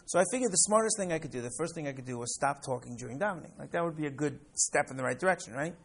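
An older man from the United States leads a class, telling stories with lots of energy and a slightly high voice. He often trips into repeated words and keeps checking in with his listeners. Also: very fast, breathy edge. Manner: animated storyteller, repeats words, keeps asking "right?". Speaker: rabbi teaching a class. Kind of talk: classroom lesson with personal stories.

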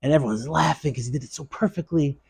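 A man giving a Torah lesson, a digressive and animated storyteller. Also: a little high, quick pace, gravelly, breathy edge, no room sound. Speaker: Torah teacher.

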